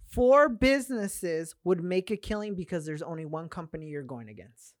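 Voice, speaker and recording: The business owner is heard again as a podcast guest, her fairly low voice expressive and moderately paced. There's no echo and the quality is studio-grade. Her casual chat is earnest and talkative, full of fillers.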